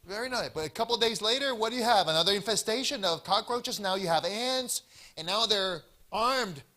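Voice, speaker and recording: Male health-talk presenter, animated storyteller; bright, fairly high voice. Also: brisk. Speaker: health seminar speaker. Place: church event hall.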